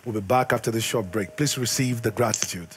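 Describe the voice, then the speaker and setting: A man hosting a talk show, asking questions calmly and praising his guest. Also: medium pitch, brisk, faint music behind. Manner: calm, encouraging, praising. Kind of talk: interview questions.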